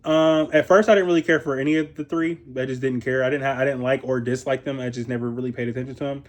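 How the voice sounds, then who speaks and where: A man's voice: medium pitch, fast talker. Profane, chatty young man from Ohio. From Columbus, Ohio, USA. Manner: chatty, profane, laughs often, animated asides. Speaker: reality TV reviewer. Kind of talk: casual profane commentary.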